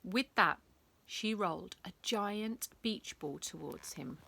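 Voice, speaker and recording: A woman reading a bedtime story, animated, acting out sound effects and dropping to whispers. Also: mid-range voice, slow pace, creaky, husky.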